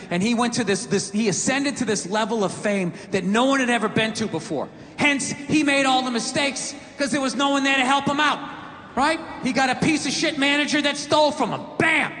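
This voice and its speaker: High-voiced man ranting on a stage. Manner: profane ranting with shouted bursts. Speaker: stand-up comedian. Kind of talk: stand-up comedy. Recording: echoey hall, live crowd, background noise.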